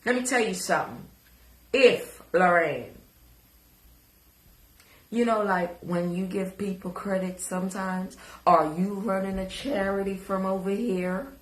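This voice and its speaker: A woman's voice: medium pitch, measured pace, roomy sound. A woman giving crude, taunting reaction commentary and repeating words to mock someone. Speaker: commentary vlogger.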